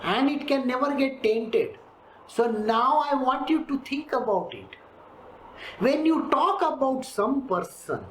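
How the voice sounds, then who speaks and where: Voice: sits high, big pitch swings, slow pace, a bit bright. Spiritual teacher, scripture lecture, emphatic, rhetorical questions, roomy echo. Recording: roomy echo, faint background hiss.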